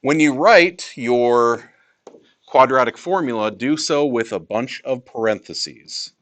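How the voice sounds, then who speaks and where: A man teaching a high school math class in a classroom, lecturing with emphasis and repeating key points for his students. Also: takes it slowly, a bit bright.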